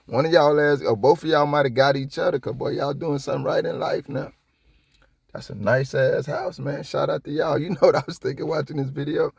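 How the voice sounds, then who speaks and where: A man giving casual reaction commentary on a police video, rambling and profane, with sudden high-pitched outbursts. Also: steady tone, quick pace, creaky, few pauses, slightly rough, no echo, clean studio sound. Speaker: copwatch commentator.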